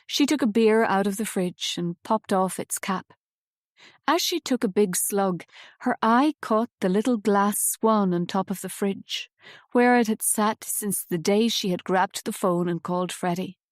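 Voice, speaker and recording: A woman's voice: medium pitch, unhurried, no echo. Woman narrating a novel, dry close sound. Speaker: audiobook narrator. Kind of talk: scripted audiobook narration.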